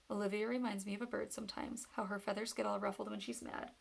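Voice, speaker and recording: A woman reading a novel aloud in steady first-person storytelling. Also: medium pitch, quick pace, vocal fry, hardly any pauses. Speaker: reader.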